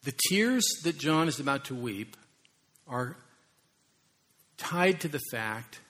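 A man preaching a sermon in an animated way, acting out voices and rising suddenly in volume. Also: medium pitch, gravelly. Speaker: pastor.

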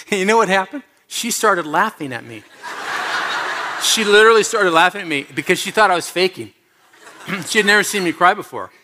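Bright-voiced storytelling man preacher. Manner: storytelling, swings from loud animated bits to soft low asides. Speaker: pastor. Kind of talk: sermon.

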